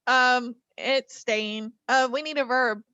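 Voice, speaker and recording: A woman co-hosting a podcast, amused and matter-of-fact, laughing often. Her voice is bright and a little high. It is recorded dry, with a dull lo-fi sound. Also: fairly even intonation, slow, clear, resonant tone. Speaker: podcast co-host. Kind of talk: casual chat.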